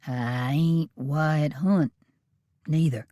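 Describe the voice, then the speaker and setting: A woman voicing a wary, terse drifter man with a gravelly, twangy Southern accent, spoken low and hushed. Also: fairly even intonation, very slow, no room sound, clean studio sound. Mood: gruff wary.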